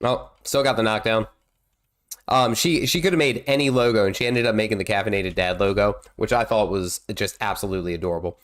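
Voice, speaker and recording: A man's voice: on the low side, brisk, fairly bright tone. Congested man chatting through a game stream. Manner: rambling, chatty, exclaims at the game. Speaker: gaming streamer. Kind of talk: casual live gameplay commentary.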